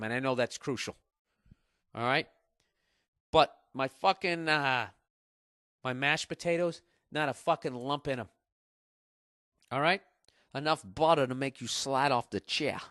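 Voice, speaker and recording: A man's voice: medium pitch, sharp tone, dry recording, studio quality. A man in his forties hosting a podcast, rambling comedically with a profane, sarcastic edge. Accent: Boston. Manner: profane, sarcastic, riffing to listeners. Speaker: podcast host.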